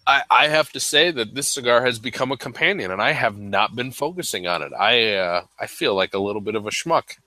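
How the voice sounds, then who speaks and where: A man's voice: medium pitch, animated, fairly quick, few pauses, bright, forceful tone, no echo. A man co-hosting a cigar podcast in casual chat, hesitant and careful as he qualifies his tasting notes.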